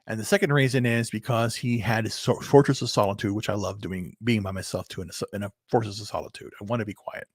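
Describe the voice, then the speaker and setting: Halting man in his fifties, rambling solo. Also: on the low side, steady tone, husky, no room sound. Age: 50s. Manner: meandering, halting, many restarts and repeated words; blunt, swears casually. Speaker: vlogger. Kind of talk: rambling solo livestream talk.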